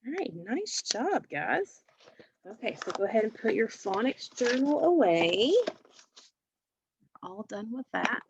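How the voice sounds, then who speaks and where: A woman's voice: fairly high pitch, very animated, slow, pauses often, husky, lo-fi sound. A woman teaching a phonics lesson to young children, patiently sounding out letters and words.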